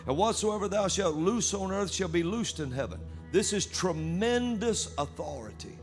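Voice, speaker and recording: A man preaching a sermon at a church service, reading scripture aloud with animated delivery. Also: high voice, normal speed, soft background music.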